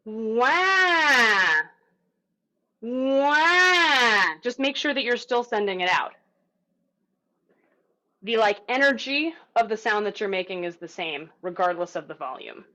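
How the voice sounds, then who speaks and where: Medium-pitched and fairly bright, a woman speaks at a moderate pace as she runs a group voice class by video call. She's easygoing and encouraging, uses filler words, and models vocal sounds, all through muffled lo-fi call audio.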